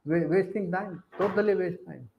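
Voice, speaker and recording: A man's voice: high-pitched, normal speed, vocal fry, echoey room, highs cut off, a little hiss or hum. A man preaching a sermon, emphatic, keeps asking his listeners questions. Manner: questions the audience again and again.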